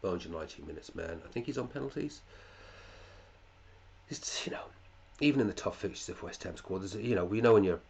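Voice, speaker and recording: Male podcast host, deep and gravelly, chatty with muttered asides. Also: lively intonation, fairly quick, a little mellow, slight background noise. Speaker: fantasy football podcast host. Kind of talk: casual chat reviewing listeners' teams.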